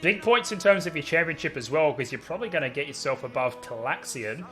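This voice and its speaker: A man's voice: fairly high pitch, expressive, fast talker, a bit bright, soft background music. A man commentating a sim race and interviewing drivers afterwards, upbeat and calling everyone mate. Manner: upbeat, says "mate" a lot. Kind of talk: casual sim racing commentary.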